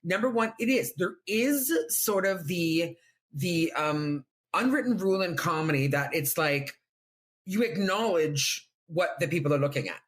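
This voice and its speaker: A woman from Canada, a stand-up comedian, telling jokes in a casual podcast chat, laughing and swinging her pitch widely. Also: a little slow. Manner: animated, laughing storyteller with big swings of pitch.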